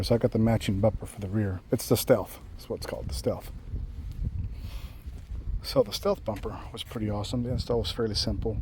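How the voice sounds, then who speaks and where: A man's voice: medium pitch, warm tone. A man hosting a casual install walkthrough and product review, rambling with frequent fillers and restarts. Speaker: channel host reviewing a bumper install.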